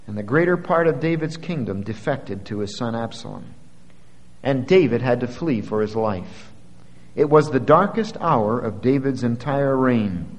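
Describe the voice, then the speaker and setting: A man preaching a sermon. He retells a scripture story with dramatic swings from quiet to loud. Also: mid-range voice, big-room sound.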